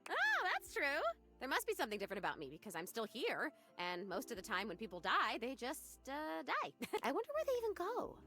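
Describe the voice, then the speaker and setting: A sweet, trusting young ghost girl for a video game gushes in a high, bright voice that swoops up and down. She sounds breathless with wonder. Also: huge pitch swings, a little fast, faint music behind, heavily acted.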